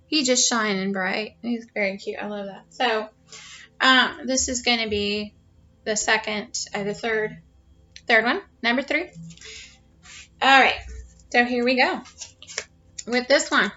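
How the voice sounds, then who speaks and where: A woman's voice: fairly high pitch, a little slow, long pauses, bright, forceful tone. A woman giving a casual tarot card reading at her home, rambling and chatty with many fillers and restarts. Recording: dull lo-fi sound.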